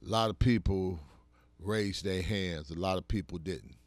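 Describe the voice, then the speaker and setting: A man, talking like a preacher in conversation and rising to loud, emphatic bursts. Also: low-pitched, normal speed, no echo.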